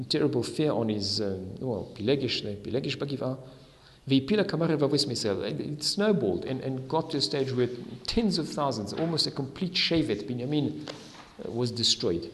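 A man's voice: mid-range voice, big-room sound. A man teaching a Talmud lesson with Ashkenazi Hebrew pronunciation, reading each Aramaic line and then explaining it in English. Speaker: Torah teacher.

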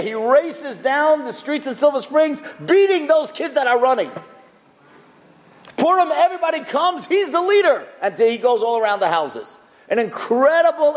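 A rabbi delivers a storytelling sermon with a high, lively voice that leaps around as he talks. He is recorded in a large hall with a long, ringing reverb trailing each phrase. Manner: animated, expressive storyteller.

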